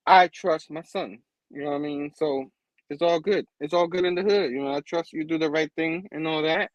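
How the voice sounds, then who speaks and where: A man casually recapping a comic book, laughing often and acting out the characters in quick voices. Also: a little high, no echo, low-quality recording.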